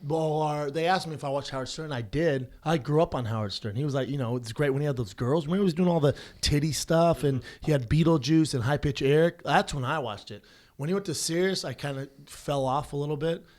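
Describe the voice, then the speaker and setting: A man's voice: fairly high pitch, fairly quick, darkish tone. Man in loose podcast banter. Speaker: podcast co-host. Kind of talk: casual chat.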